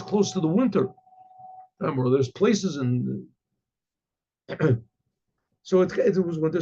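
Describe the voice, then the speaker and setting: A male rabbi telling a story in a halting way, with many restarts and throat clearing. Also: a little high, warm tone, muffled recording.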